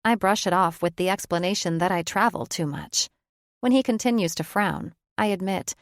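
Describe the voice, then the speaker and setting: A woman's voice: medium pitch, moderate pace, dry recording, studio quality. Reflective woman narrating an audiobook. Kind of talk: first-person audiobook narration.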